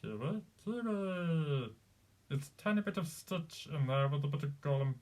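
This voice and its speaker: A man voicing a small mischievous male alien creature in a squeaky, raspy voice. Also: lively intonation, moderate pace, darkish tone, close to an everyday voice. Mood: goofy.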